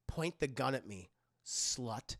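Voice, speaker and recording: A man voicing a brooding, domineering young man who gives slow, low commands. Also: animated, creaky, fairly bright tone, exaggerated voice. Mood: commanding.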